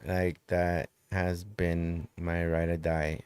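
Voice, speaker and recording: A man's voice: sits low, flat delivery, slow, a little mellow, clear, resonant tone, no echo. A man telling a personal story in casual conversation, loose and profane, repeating phrases for emphasis.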